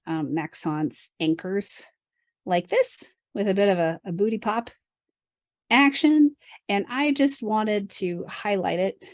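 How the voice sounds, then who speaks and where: On a dance podcast, a woman who co-hosts as a dance instructor talks casually through partner technique, with frequent laughter and playful asides. Her voice is medium-pitched, and there's no echo.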